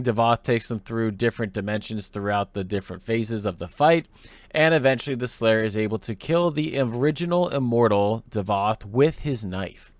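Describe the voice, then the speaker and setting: A man's voice: mid-range voice, no room sound. Man, video essay host, explaining game lore, casual delivery, dry close sound. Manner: explanatory, conversational.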